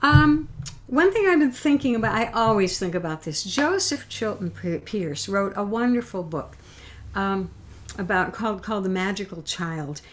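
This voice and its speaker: A woman's voice: mid-range voice, lively intonation, normal speed. A woman teaching a young children's music class, playful, singing with a banjo and making animal sounds.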